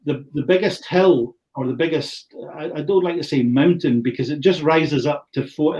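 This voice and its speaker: A man's voice: on the high side, mellow. A middle-aged man from the far north of Scotland with a Scottish accent, presenting an online whisky tasting in a chatty, rambling way and often restarting his phrases. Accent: Scottish, far north (Caithness). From Thurso, north of Scotland.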